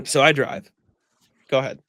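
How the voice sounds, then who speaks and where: Casual podcast co-host, a man with a gravelly, fry-heavy voice, venting through a long story. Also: medium pitch, measured pace, fairly bright tone, no room sound. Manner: rambling storytelling with many "like" fillers and swearing; exasperated ranting. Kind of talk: casual chat.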